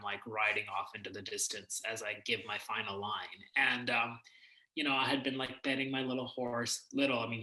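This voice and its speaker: A man from India chats as an interview guest, spinning animated, self-deprecating stories. His voice is bright and forward, and it rings a little in an echoey room. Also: medium pitch. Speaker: actor guest. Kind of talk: casual interview chat.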